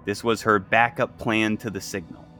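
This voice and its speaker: A man running a tabletop game as game master, narrating in a halting way with lots of fillers. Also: fairly low pitch, little pitch movement, bright, forceful tone, faint music behind.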